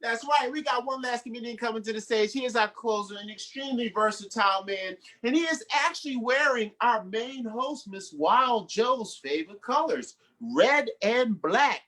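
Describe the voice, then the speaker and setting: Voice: medium pitch, animated, normal speed, few pauses, a bit bright. A comedy show host introducing the closing act and leading the crowd in call and response. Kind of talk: live show emcee introduction.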